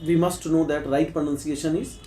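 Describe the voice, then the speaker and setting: A man from Bihar speaks with an Indian accent as he conducts a mock job interview and presses the candidate hard. His voice is slightly high and mellow. It carries a noticeable room echo with faint background noise. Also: steady tone, brisk. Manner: probing, challenging questions.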